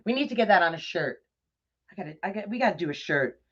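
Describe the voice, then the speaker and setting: Middle-aged woman, New York accent, effusive livestream crafter, lowish voice, muffled audio. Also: lively intonation, fast, husky. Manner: chatty, effusive, talks to viewers by name. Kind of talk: casual livestream chat while crafting bows.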